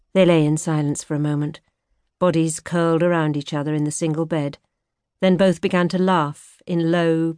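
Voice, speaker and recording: An audiobook narrator with a low female voice reads from a novel in scripted narration. Her reading is measured and expressive, captured in a dry studio recording.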